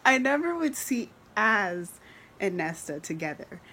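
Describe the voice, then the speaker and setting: A woman's voice: mid-range voice, big pitch swings, a little slow, bright, forceful tone, husky. A young woman filming a casual book vlog, gushing and emotional, often laughing as she talks. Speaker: book vlogger. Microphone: camera mic.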